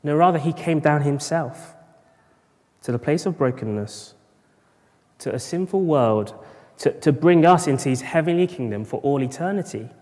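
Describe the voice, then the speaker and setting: At a morning church service, a man preaches a rhetorical sermon with bursts of emphasis. His voice is a little high and a little mellow, expressive at a normal speed, and the large church hall gives a long reverb.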